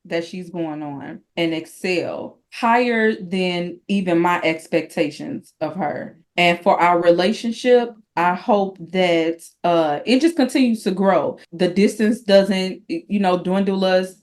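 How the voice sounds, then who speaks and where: A middle-aged mother answering interview questions, thoughtful and halting. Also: lowish voice. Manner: thoughtful, halting, with fillers and soft laughs. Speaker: guest, mother.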